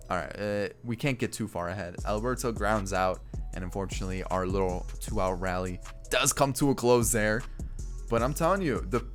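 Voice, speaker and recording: A young man calls the action of a baseball video game, his voice sitting at an ordinary middle pitch. He chats casually and bursts into loud exclamations when a big play lands. Faint music runs quietly beneath his voice. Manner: excitable, exclaims over big plays. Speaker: gaming YouTuber.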